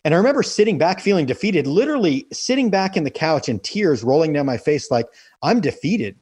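A man with a husky, slightly breathy voice recounts his story in earnest, stumbling over repeated words when the memories run deep. The sound is dry and close, with almost no room around it. He sounds middle-aged. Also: big pitch swings, fast, a little mellow, no room sound. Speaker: guest telling his story. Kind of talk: emotional personal storytelling.

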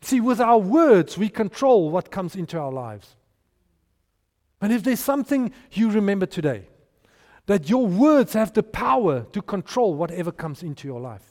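Man, pastor, high voice, animated sermon, reverberant hall. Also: normal speed. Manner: animated, storytelling preacher with restarts and sudden hushed asides.

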